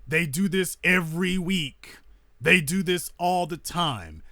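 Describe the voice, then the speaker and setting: A man's voice: a little high, takes it slowly, bright, forceful tone, dry recording. A man hosting a commentary monologue, repeating his points with rhetorical emphasis like a preacher and sounding indignant and scornful. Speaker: host.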